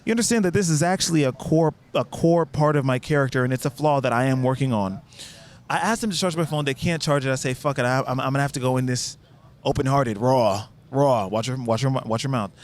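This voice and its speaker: A man from the United States casually telling a travel story, with many swings between low, quiet asides and high, excited bursts. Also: fast. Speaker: vlogger recounting a trip.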